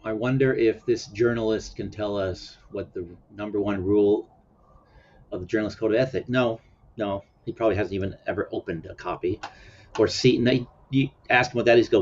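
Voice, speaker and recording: The host of a casual commentary chat, a man with a fairly low voice, talks a little fast, chuckles often, and wanders through his points with fillers. The lo-fi recording sounds dull, with a slight hiss or hum.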